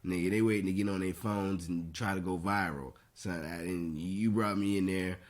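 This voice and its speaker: A man hosting a podcast, telling a story loudly and animatedly, often laughing. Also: low-pitched, steady tone, normal speed. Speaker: podcast host. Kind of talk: casual chat.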